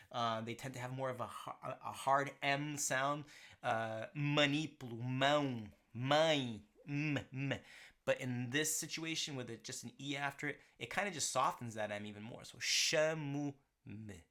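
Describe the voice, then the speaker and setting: A man's voice: mid-range voice, sharp tone. A man teaching a language lesson, explaining grammar and often checking in with "right?" and "okay". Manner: slows down to model pronunciation.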